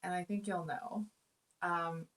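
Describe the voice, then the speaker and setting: Delivering a casual tarot reading, this woman speaks slowly in a lowish, slightly bright voice with fairly even intonation. Her earnest talk wanders, packed with fillers and fresh starts.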